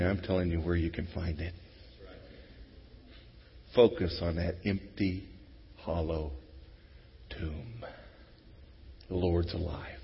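A middle-aged pastor delivering a sermon in a church, his voice husky and a little breathy. He talks to the congregation conversationally, dropping to a hush and then rising to loud exclamations. The long reverb of the hall and a dull, lo-fi recording surround him. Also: low-pitched. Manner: conversational, swings from hushed to shouting. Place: church sanctuary.

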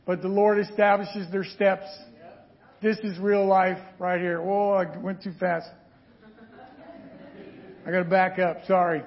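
A man preaching a sermon, telling stories with lively asides and frequent "right?" checks to the congregation. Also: sits high, a little slow, long pauses, highs cut off.

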